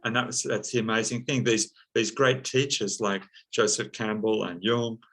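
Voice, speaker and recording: A man speaking as an interview guest, slow and reflective, with many pauses and fillers. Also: fairly low pitch, fairly even intonation, fairly bright tone, poor audio. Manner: slow, thoughtful, many ums and uhs. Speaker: psychologist and counseling teacher, guest.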